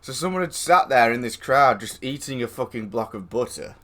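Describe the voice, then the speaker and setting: A man's voice: mid-range voice, animated, moderate pace, a bit bright. A man streaming live, telling a rambling anecdote with lots of swearing, laughing and quoted voices. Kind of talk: casual storytelling.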